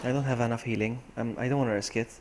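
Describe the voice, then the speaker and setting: A man's voice: mid-range voice, steady tone, racing. A man streaming a video game live, muttering to himself and reacting to what happens on screen, with game music playing behind him. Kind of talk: casual live gameplay commentary.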